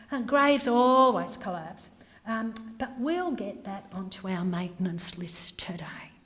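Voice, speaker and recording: Woman presenter, animated, acts out scenes, higher voice, reverberant hall. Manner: animated, acts out customer exchanges, drops to whispers. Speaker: workshop presenter. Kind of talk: training talk with acted scenarios.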